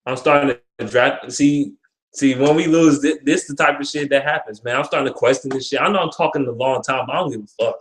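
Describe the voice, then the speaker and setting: A man's voice: medium pitch, brisk, a little hiss or hum. Young guy venting hard about his team, cussing a lot, echoey room. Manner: frustrated, profane, repetitive ranting. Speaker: sports fan vlogger. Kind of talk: ranting sports commentary.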